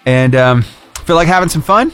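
Man, radio host, upbeat, goofy, laughs a lot, higher voice, faint background music. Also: lively intonation, normal speed, fairly bright tone. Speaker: radio morning show host. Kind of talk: casual radio chat with a caller. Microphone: studio microphone.

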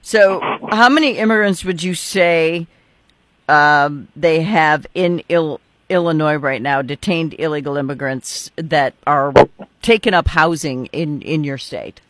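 A man's voice: fairly high pitch, a little slow, a bit bright, dry recording. A man hosting a political talk show, casual and opinionated, joking with his guest.

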